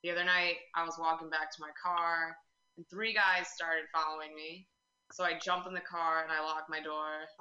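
A woman performing a stand-up comedy set, deadpan with chatty filler words. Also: low-pitched, normal speed, highs cut off. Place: club room with live audience. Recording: echoey room.

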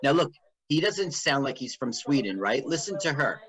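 A man's voice: mid-range voice, normal speed, low-quality recording. A man co-hosting a radio show, chatting casually about a movie and quoting its scenes. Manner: animated, quotes scenes in put-on voices. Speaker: radio co-host. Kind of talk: casual movie commentary chat.

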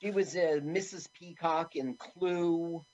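A woman's voice: on the low side, fairly even intonation, slow pace, a little mellow, lo-fi sound. A woman co-hosting a radio show, recounting a movie plot in a matter-of-fact, critical way. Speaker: radio co-host. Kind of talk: casual film-talk chat.

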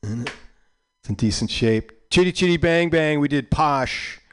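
A man in his sixties hosting a community radio show, chatting casually between records in a rambling, halting way. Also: on the high side, clear, resonant tone.

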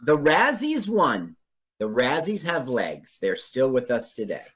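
A man's voice: medium pitch, unhurried, slightly rough. A man co-hosting a podcast, chatting casually and jokingly about a bad movie, breaking into playful voices. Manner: animated, jokey, playful put-on voices. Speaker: podcast co-host. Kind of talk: casual movie-riff chat.

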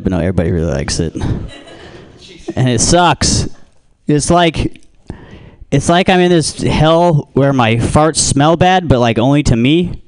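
A man doing a stand-up comedy set with dark deadpan humor and lots of swearing, acting out the people in his stories. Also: medium pitch. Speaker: stand-up comic. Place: comedy club or open mic room.

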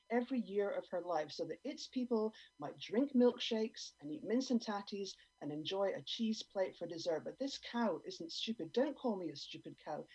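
A woman performing a dramatic spoken word piece, theatrical, swinging between loud and soft. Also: mid-range voice, slightly rough. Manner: theatrical, with sudden swings in loudness and pace. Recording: dull lo-fi radio recording.

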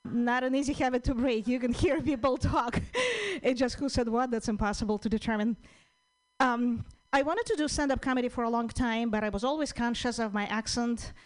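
A woman comedian with a Russian-Ukrainian accent, a native Russian speaker doing a deadpan stand-up set at an open mic, with many pauses and ums. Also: fairly high pitch, rough recording.

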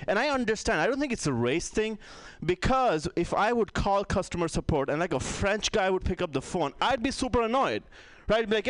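A man's voice: high-pitched, sing-song, brisk, dry recording. A man from India doing a rambling, self-mocking stand-up set, full of "like". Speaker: stand-up comedian.

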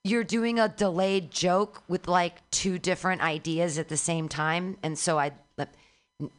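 A woman's voice: on the low side, fairly even intonation. Chatty rambling woman hosting a show. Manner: rambling, chatty, quick laughs. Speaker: radio show host. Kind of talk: casual chat and announcing.

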